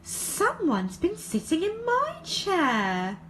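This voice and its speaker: A woman voicing a gentle mother bear in a storybook reading. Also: very high voice, wildly swooping pitch, slow, slight background noise, pitched above the performer's own voice, exaggerated voice. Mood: dismayed.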